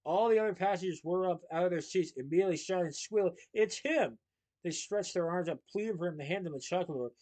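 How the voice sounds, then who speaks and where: A man with a somewhat high voice reads a children's novel aloud. He keeps a steady, lively storytelling pace. His delivery sounds like a bedtime chapter reading. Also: fast talker, hardly any pauses, low-quality recording.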